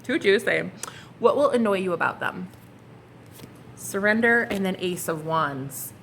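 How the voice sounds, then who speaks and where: A young woman reading tarot cards for her viewers, excitable and flustered. She swears casually, giggles, and calls the audience honey and girl. A faint hum of noise sits behind her voice. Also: medium pitch, a little slow, vocal fry. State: flustered and hot. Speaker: tarot reader.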